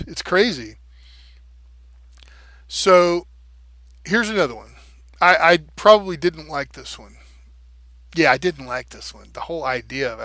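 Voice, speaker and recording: Man, livestream vlogger, bright, slightly high voice, dry close sound, profane and animated. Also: no room sound. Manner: animated, profane, explains with rhythm syllables. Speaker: live streamer. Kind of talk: casual livestream monologue.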